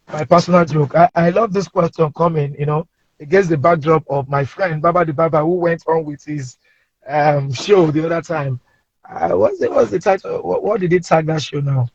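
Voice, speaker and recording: Nigerian comedian guest, high husky tenor, animated storyteller, muffled call audio. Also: male voice, normal speed, no echo. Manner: animated, playful, acts out voices. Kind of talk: casual anecdotal storytelling. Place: inside a parked car. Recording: dull lo-fi remote audio.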